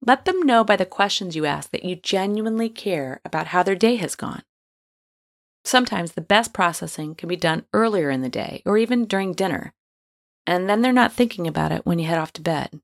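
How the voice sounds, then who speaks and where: A woman with a somewhat low voice talks through a scripted advice monologue. She is frank and playful, encouraging her listeners and slipping into casual slang. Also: vocal fry.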